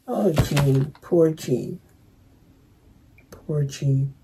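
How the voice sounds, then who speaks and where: A young woman casually talking through her reaction to a movie, emotional and soft-spoken, fond with her viewers. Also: sits low, extremely slow, husky, low-quality recording.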